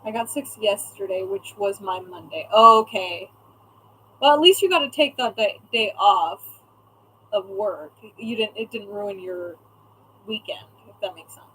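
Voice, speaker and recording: A woman's voice: mid-range voice, measured pace, bright, forceful tone, a little hiss or hum, poor audio. A young woman chatting casually on a live stream as a craft shop owner, reading out viewer comments and swearing now and then.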